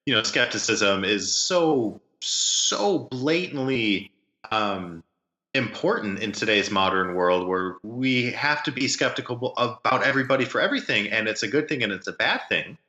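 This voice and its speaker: A man's voice: on the low side, expressive, moderate pace, bright, forceful tone, roomy sound, highs cut off. A man co-hosting a movie podcast, offering thoughtful analysis of the film's themes. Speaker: podcast co-host. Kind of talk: casual movie review chat.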